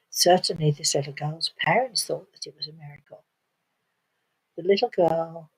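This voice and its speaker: An older woman telling a story slowly and haltingly, with dramatic pauses and fillers. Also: fairly low pitch, breathy edge, poor audio. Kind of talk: spoken storytelling.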